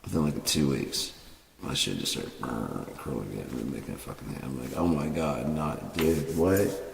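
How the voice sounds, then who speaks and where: A man rambling and swearing in a casual monologue while high on cannabis. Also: moderate pace, creaky. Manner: rambling, profane, drawling. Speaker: vlogger. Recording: echoey room, mic far off, faint hiss.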